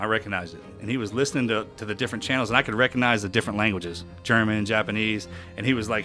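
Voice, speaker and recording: A man's voice: lowish voice, fairly even intonation, racing, few pauses, bright, forceful tone, faint music behind. A middle-aged man telling a gripping story as a podcast guest, vivid and emotional, often restarting his sentences.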